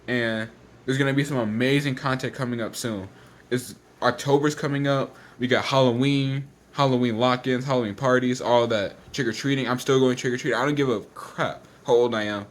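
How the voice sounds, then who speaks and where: In a casual vlog, a teenage boy rants with his words rushing out and looping back on themselves. His voice is steady and sits at a typical pitch for his age, and he's slightly out of breath and clearly exasperated.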